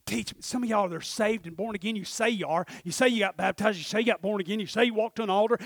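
A middle-aged man delivers a sermon in a high-pitched voice. He drops to a near hush and then climbs to shouted exhortation. The sound is close and dry, with no room around it. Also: fast talker, vocal fry, hardly any pauses, no room sound. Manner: swings from quiet confiding to shouted preaching. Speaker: pastor.

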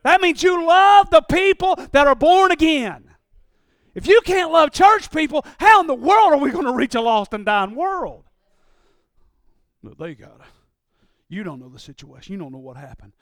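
A pastor preaches a sermon in a strikingly high voice for a man, sing-song and at normal speed. He swings from loud shouts to low murmurs and slips into his listeners' voices as he goes. The sound is dry and close, with no room echo.

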